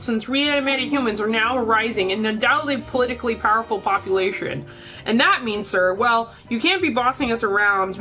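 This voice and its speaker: A woman's voice: on the high side, bright, forceful tone, rough recording. A woman reading a meek, hesitant zombie spokesman. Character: meek male zombie spokesman, politely complaining.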